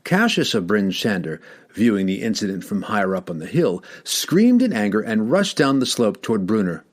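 A man narrating a fantasy audiobook in a dramatic, expressive storytelling manner. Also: fairly low pitch, moderate pace.

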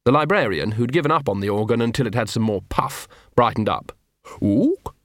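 Dry, measured male audiobook narrator. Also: medium pitch, lively intonation, a bit bright, no echo. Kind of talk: scripted narration.

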